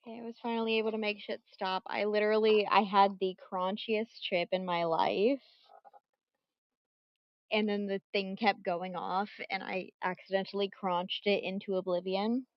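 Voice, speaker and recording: A woman running a tabletop game as game master, casual and animated, swearing freely, at her computer mic. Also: medium pitch, normal speed, no echo, dull audio.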